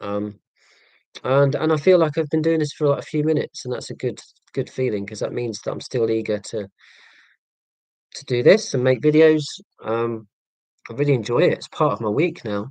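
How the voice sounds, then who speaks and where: A man's voice: medium pitch, moderate pace, darkish tone, no room sound, rough recording. A man in his forties with a Hampshire accent, chatting casually with viewers on his live stream in a rambling, self-deprecating, sarcastic way, full of ums and restarts. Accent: southern English, Hampshire. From England. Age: 40s. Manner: hesitant, many ums and restarts.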